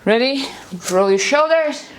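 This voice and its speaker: A woman's voice: high-pitched, unhurried, a little hiss or hum. A woman fitness instructor leading a live home workout class, calling out exercises and cues energetically, sometimes out of breath. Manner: energetic coaching cues, counting down. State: out of breath at times. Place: home, near a busy street.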